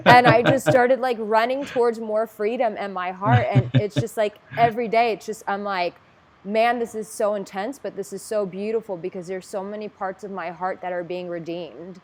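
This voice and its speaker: A young adult woman hosting a casual, heartfelt conversation, talking in a gushing, emphatic way with bursts of loud excitement. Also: medium pitch, normal speed, few pauses, a little hiss or hum. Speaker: host.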